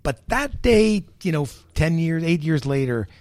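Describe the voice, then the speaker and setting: A middle-aged man, a chef and restaurant owner, tells stories from his career in an interview. He acts out the people in his stories with animated energy. The sound is dry and close, with no room echo. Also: a little high, measured pace. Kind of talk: storytelling interview.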